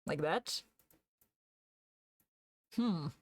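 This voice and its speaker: A woman's voice: low voice, expressive, extremely slow, dry recording, studio quality. A young woman streamer chatting casually while she draws, laughing often and answering her chat aloud.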